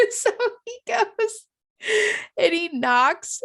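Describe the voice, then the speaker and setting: Bright-voiced woman telling a story. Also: very high-pitched, extremely slow. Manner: animated, laughs often, acts out quoted people. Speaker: podcast co-host. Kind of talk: casual storytelling chat.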